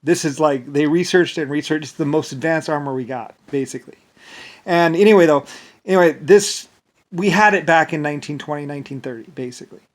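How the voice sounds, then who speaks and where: Rambling man with a higher voice. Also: a little fast. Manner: rambling and repetitive, stacking restarts; breaks into short laughs. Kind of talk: rambling monologue.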